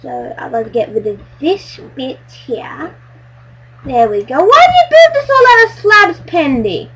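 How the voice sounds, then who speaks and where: A woman chatting excitedly while playing a building game with friends, silly and bubbly, breaking into squeals. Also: high voice, a little slow. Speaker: gamer playing on a friend's server. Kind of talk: excited let's-play chatter.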